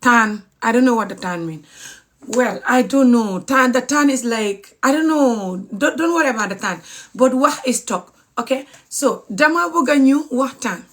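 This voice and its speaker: A woman's voice: a little high, lively intonation, moderate pace, fairly bright tone. A woman giving a casual language lesson on social media, talking to her viewers, repeating words and spelling them out letter by letter. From Gambia. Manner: chatty, addresses viewers as guys. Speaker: language teacher.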